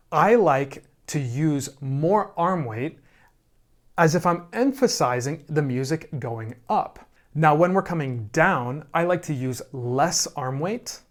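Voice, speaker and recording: A man teaching piano, calmly explaining phrasing and often checking in with "right?". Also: a little high. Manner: calm, slow explaining with frequent "right?" checks. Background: piano playing.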